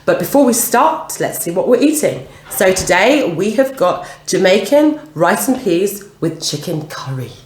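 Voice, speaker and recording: A woman's voice: mid-range voice, sing-song, unhurried, few pauses. A woman hosting an eating vlog, chatting casually and leading the talk with questions. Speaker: vlog host. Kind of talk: casual chat while eating. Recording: roomy echo, faint noise.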